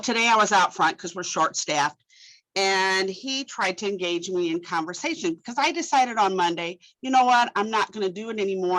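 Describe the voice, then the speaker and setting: A woman at a medium pitch tells a frustrating story from her library over a video call. She is animated and exasperated, trips over restarts and repeated words, and leaps into a higher voice to act out what others said. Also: rough recording. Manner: animated, exasperated storytelling that acts out quoted speech. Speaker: library director. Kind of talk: telling a story in a webinar discussion.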